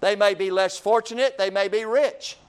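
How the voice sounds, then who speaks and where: High-voiced, clear-toned male preacher. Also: normal speed. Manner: repetitive preaching cadence, addresses listeners as friend. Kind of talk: sermon.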